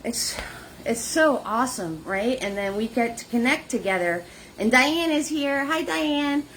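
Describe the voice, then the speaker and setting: A woman leading a live painting lesson, chatty and warm with viewers, greeting them by name in sing-song hellos. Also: on the high side, expressive, unhurried, a little hiss or hum. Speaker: painting instructor.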